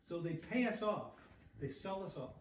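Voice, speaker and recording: A man's voice: high-pitched, moderate pace, a little hiss or hum. Man lecturing an echoey banquet room. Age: middle-aged or older. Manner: animated, asks the room questions. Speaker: speaker at a society dinner. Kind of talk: public talk to a dinner audience. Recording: echoey room, speaker far from mic.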